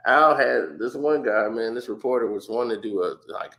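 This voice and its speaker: Animated man telling stories with laughter. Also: mid-range voice, normal speed, hardly any pauses. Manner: animated storyteller, acts out quotes, laughs often. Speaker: podcast guest. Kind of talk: casual chat.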